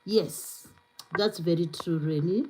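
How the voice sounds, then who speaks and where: This host's voice is fairly low and dark, and she speaks slowly, chatting casually on her live stream with plenty of fillers and reading out viewer comments. Her English has a non-native accent. The recording is rough, with a little hiss or hum.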